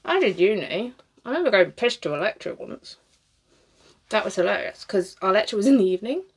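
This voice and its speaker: A woman's voice: mid-range voice, big pitch swings, a little fast, husky. A British woman in her thirties chatting casually as she styles a wig, rambling, swearing freely and laughing often. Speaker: cosplayer. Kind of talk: casual chat while styling a wig.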